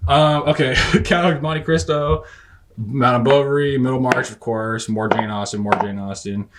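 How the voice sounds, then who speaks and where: A man's voice: medium pitch, fairly even intonation, normal speed, noisy background. A young man hosting a casual bookshelf tour, talking in slangy, profane, rambling bursts that often break off mid-sentence. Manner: rambling, self-interrupting. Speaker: book reviewer host.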